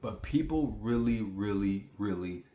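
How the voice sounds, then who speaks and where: A man's voice: on the low side, lively intonation, measured pace, dark tone. A man in his forties telling a story to the camera at home in a chatty way, repeating himself and talking straight to the viewers. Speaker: vlogger. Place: indoors at home. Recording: echoey room.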